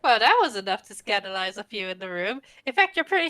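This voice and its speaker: A woman's voice: medium pitch, big pitch swings, fast talker, few pauses, bright, forceful tone. A woman narrating a tabletop game as game master with wry, playful narration.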